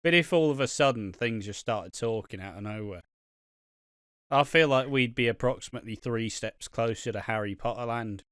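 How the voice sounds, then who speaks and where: A man's voice: medium pitch, normal speed, smooth, no echo, clean studio sound. A young British man co-hosting a podcast, chatting casually and swearing a lot as he rambles. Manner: rambling, heavy swearing, animated. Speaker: podcast co-host.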